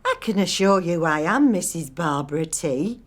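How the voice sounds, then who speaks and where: A woman's voice: low-pitched, lively intonation, measured pace, darkish tone, exaggerated voice. An actress playing a chatty, wry woman in her sixties, rambling to herself with dry humour while she waits on a phone call. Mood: polite, firm. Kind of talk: film monologue acting.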